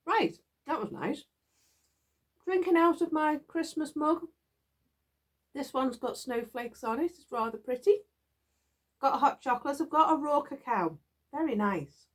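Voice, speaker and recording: A woman's voice: high voice, animated, measured pace, pauses often. A middle-aged woman from the UK, chatting casually and rambling to her viewers, with frequent giggles, recorded in a garden shed. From United Kingdom. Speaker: knitting vlogger.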